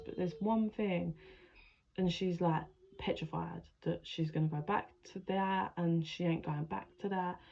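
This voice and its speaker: A tarot reader and spiritual adviser with a lowish, creaky, slightly mellow voice gives a channeled reading that rambles and turns emotional. She swears freely while narrating, and the audio sounds dull.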